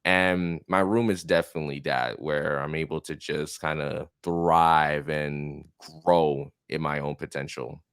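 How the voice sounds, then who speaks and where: A young man with a very low, smooth, resonant voice talks as a podcast guest, chatting casually and eagerly with a steady stream of "like" fillers. The recording is dry and close, with no room sound. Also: unhurried, hardly any pauses, dry recording. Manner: enthusiastic, heavy use of "like" fillers. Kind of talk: casual interview chat. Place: his own room.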